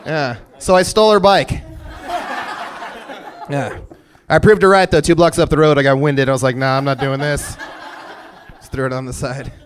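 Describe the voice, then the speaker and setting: A man in his thirties doing a stand-up comedy set, telling stories deadpan with sudden loud bursts. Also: on the high side, normal speed, long pauses, a little hiss or hum. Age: 30s. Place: comedy stage before a live audience.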